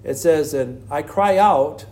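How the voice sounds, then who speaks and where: Man, pastor, high voice, earnest sermon, rhetorical questions. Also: slow pace, dark tone.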